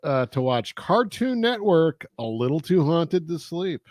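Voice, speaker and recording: Male co-host reading mail on air; lively pitch, dry deadpan. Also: measured pace, no room sound. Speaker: podcast co-host. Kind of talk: reading a listener letter aloud.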